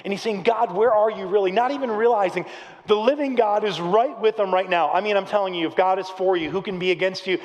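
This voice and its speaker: High-voiced pastor in a reverberant hall. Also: male voice, quick pace. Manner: animated storytelling with acted-out quotes. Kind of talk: sermon. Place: large church hall. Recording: long reverb of a large hall.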